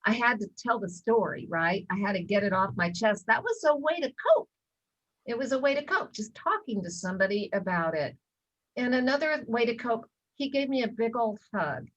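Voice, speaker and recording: A woman's voice: fairly high pitch, expressive, moderate pace, a bit bright, muffled recording. A middle-aged woman presenting a wellness talk, telling a personal story with many ums and acted-out quotes. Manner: storytelling with lots of ums, acts out quoted lines. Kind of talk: casual talk in a wellness webinar.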